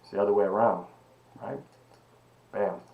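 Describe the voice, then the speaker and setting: A man teaching an online sociology lecture, animated and emphatic, asking rhetorical questions and calling his students baby. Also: fairly low pitch, moderate pace, narrow, tinny audio. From Miami. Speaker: sociology professor.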